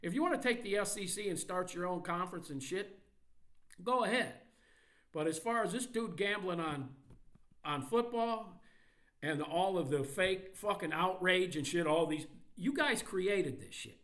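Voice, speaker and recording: A man's voice: sits high, animated, moderate pace, fairly bright tone. A man hosting a podcast, ranting angrily and mockingly about sports with heavy profanity. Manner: angry, mocking, heavily profane. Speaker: podcast host.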